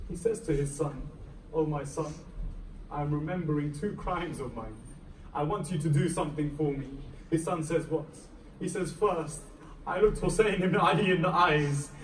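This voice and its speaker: A man preaching a dramatic story sermon, his slightly high voice swelling as he acts out the figures. He is recorded from a distance in an echoey mosque hall, with faint room ambience behind him. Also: normal speed, darkish tone, a little hiss or hum. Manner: dramatic storytelling, voicing quoted figures with rising emotional intensity. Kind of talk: Muharram majlis sermon narration.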